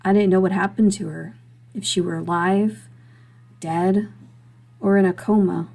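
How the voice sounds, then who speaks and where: Woman narrator, story reading, gravelly, steady, measured. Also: mid-range voice. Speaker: author narrator.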